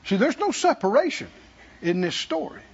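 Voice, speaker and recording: A man's voice: very high voice, sing-song, normal speed, vocal fry, husky, highs cut off. A man preaching a sermon as pastor, emphatic and repetitive in a church.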